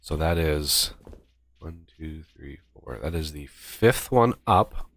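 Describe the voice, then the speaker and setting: A man's voice: extremely low pitch, animated, slow pace, vocal fry, a bit bright, no room sound. A man streaming a multiplayer game, casually thinking aloud and counting off steps as he builds. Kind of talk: casual multiplayer gameplay chat.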